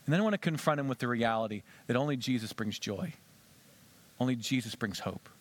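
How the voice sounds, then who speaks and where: A male pastor giving an animated sermon, acting out conversations with a volunteer on stage. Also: medium pitch, a little fast.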